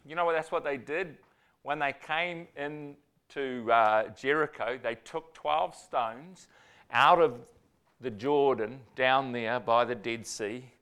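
A man preaching a sermon, telling stories in an animated way and acting out quotes with sudden loud bursts. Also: medium pitch, smooth.

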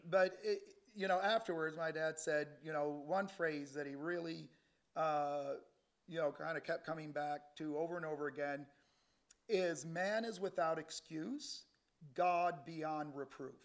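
A man's voice: on the high side, measured pace. A middle-aged man preaching a conversational Bible sermon, reading scripture with animation. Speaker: lay preacher.

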